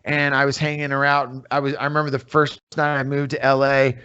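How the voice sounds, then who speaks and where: A middle-aged man from Northern California, a musician guest in an interview, telling his stories in a rambling, animated way full of "you know" fillers. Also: mid-range voice, brisk, clean tone. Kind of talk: casual storytelling interview. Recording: slightly muffled lo-fi audio.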